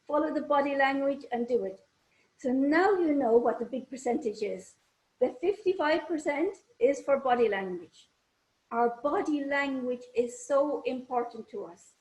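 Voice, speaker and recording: Woman trainer running a zoom workshop, kinda high voice, quizzes the audience, echoey room. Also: a little mellow. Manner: engaging, addresses audience with questions. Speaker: parenting trainer. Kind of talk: online workshop talk.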